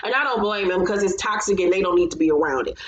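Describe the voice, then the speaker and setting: A woman's voice: on the low side, fast. A woman hosting her channel, recapping a reality show in casual commentary, blunt and profane, with frequent laughter. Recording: roomy echo.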